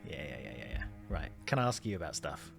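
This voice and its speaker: An English man thinking out loud as he plays a mystery game, his pitch moving a lot. He muses and jokes at his own expense in a loose, chatty way. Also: big pitch swings, fast, vocal fry, over music. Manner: musing aloud, self-deprecating. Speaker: let's play host. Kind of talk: casual gameplay commentary.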